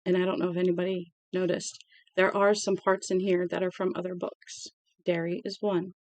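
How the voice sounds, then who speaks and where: An amateur audiobook reader giving a casual read-aloud with chatty asides, stumbling on words and correcting them out loud. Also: mid-range voice, flat delivery, moderate pace, no room sound. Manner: conversational and unpolished.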